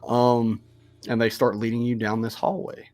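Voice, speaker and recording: Casual game master narrating. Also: male voice, mid-range voice, little pitch movement, moderate pace, a little mellow, no echo. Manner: casual, lots of fillers.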